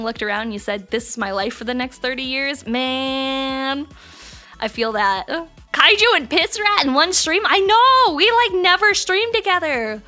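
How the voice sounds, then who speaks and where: A young woman streaming live, chatting casually with her chat, bubbly and prone to sudden excited squeals. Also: high voice. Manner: bubbly, reads and answers chat, jumps to squeals.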